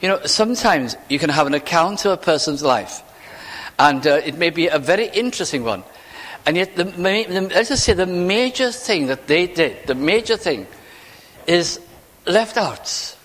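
A man preaching a sermon in a church, talking in a conversational way with rhetorical questions and slowing down to quote scripture. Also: sits high, animated, a bit bright. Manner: slows for scripture quotations. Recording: reverberant hall.

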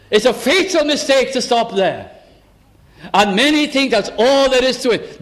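A man's voice: extremely high pitch, expressive, moderate pace. A man preaching a chapel sermon, earnest and emphatic, acting out the voices of the people he quotes. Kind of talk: evangelical sermon. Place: chapel service.

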